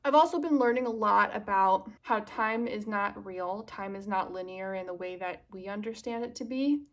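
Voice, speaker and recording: A woman's voice: mid-range voice, moderate pace. A young woman vlogger chatting casually to the camera, confiding and self-mocking, drifting into earnest musing.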